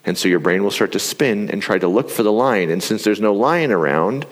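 Middle-aged man, low voice, calm stage coach for breathing, recorded live in a reverberant hall. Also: a little fast. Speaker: speaker leading a breathing exercise. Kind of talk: live talk with guided breathing. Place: large hall before an audience.

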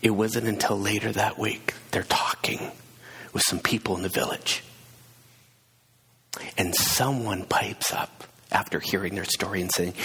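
A man's voice: on the low side, steady tone, unhurried, pauses often, pushed and bright, husky. A man preaching a sermon and telling a story, acting out the voices of its people and building to fervent emphasis. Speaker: pastor. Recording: long hall reverb.

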